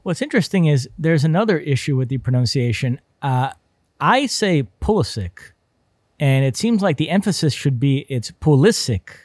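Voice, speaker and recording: Relaxed male co-host with a higher voice. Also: normal speed, dry recording, clean studio sound. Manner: relaxed, asks questions. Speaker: podcast co-host. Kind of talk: casual sports talk.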